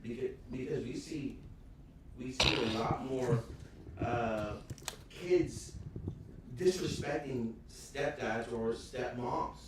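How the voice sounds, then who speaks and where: A man's voice: medium pitch, slow pace. A man in a casual podcast chat, thoughtfully laying out his reasoning step by step. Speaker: podcast co-host. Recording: echoey distant mic with clear background noise.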